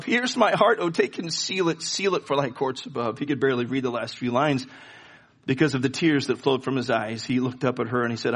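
A man's voice: medium pitch, a little fast, fairly bright tone, breathy edge. A man preaching a sermon, telling a story and rising to fervent pleas. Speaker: pastor.

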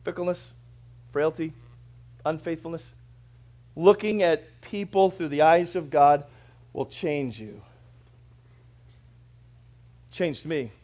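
A male pastor preaching a sermon in a church, moving between loud, fervent proclamation and quiet, conversational storytelling. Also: fairly high pitch, measured pace, long pauses.

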